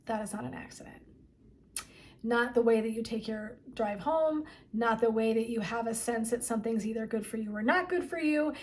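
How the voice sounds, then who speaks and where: Chatty woman wellness coach, higher voice. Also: moderate pace. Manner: chatty and emphatic, frequent 'like' and 'right?'. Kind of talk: motivational talk to viewers.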